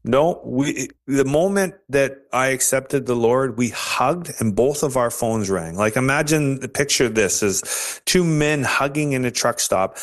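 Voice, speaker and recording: A man as an interview guest, earnestly telling his personal story of faith with hesitant restarts. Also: mid-range voice.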